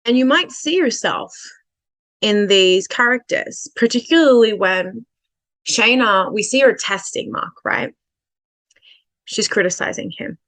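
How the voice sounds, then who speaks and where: A woman relationship coach explains dating behaviour conversationally, using fillers and restarts and stretching out her key points. Her voice is mid-range and a bit bright, with no echo.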